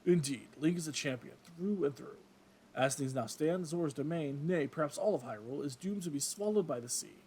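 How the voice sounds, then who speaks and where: A man's voice: on the high side, fairly quick, dark tone, slight background noise, close to an everyday voice. A man reading game dialogue as a grand old male fish-folk king with formal, courtly phrasing. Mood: regal. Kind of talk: let's play voice reading.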